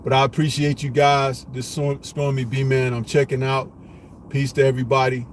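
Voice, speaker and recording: A man's voice: medium pitch, little pitch movement, normal speed, a little hiss or hum. A middle-aged man hosting a live stream, chatting casually, laughing often and swearing a lot as he rides in a vehicle. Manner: laughs often, slangy and profane.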